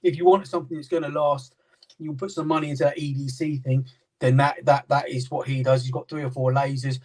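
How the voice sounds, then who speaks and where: A man's voice: mid-range voice, fairly even intonation, fairly quick, a little mellow, recorded from a distance, rough recording. A British man in casual chat, rambling with many fillers and restarts as he explains his knife-sharpening work. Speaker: knife sharpener and maker, guest. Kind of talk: casual chat on a live stream.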